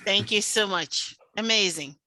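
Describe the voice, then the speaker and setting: Bright, animated woman on a panel. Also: medium pitch, measured pace, a little hiss or hum. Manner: animated, laughing, acting out quoted exchanges. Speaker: panel speaker at a book launch. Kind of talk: casual online panel talk.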